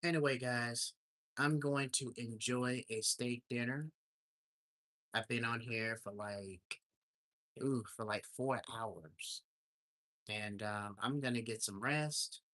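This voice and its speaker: A man's voice: mid-range voice, takes it slowly, fairly bright tone, no echo. A man hosting a casual livestream, telling a story in an indignant, ranting way. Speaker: livestream host. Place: home in Alaska.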